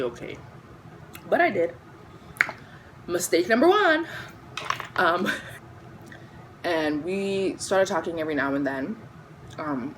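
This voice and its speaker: A young woman telling a casual storytime, chatty and animated, acting out the people she quotes. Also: low voice, noisy background. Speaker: vlogger.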